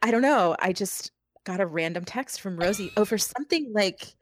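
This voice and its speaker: Rambling, animated woman co-host. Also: mid-range voice, normal speed. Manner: earnest, rambling, many fillers. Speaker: podcast co-host. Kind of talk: casual chat. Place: calling in from home remotely.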